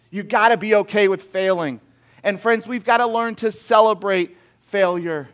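Animated male pastor preaching. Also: high-pitched. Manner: animated, acting out quotes with big swings in volume. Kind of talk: sermon.

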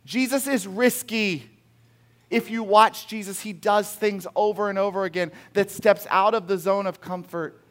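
Middle-aged guy preaching, highish voice, gets loud and then quiet acting stuff out. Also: moderate pace. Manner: animated, acting out quotes with big swings in volume. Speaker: pastor. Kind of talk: sermon.

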